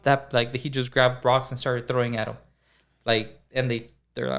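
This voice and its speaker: A man co-hosting a podcast, telling a story in a casual, animated way with lots of filler words. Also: medium pitch, normal speed, creaky. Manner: animated, acts out dialogue, many fillers like "like". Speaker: podcast co-host.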